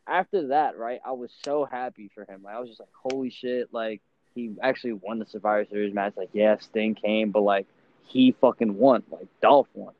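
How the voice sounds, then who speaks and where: A man's voice: lowish voice, moderate pace, narrow, tinny audio, slight background noise. A man talking emphatically in a casual podcast chat, often laughing.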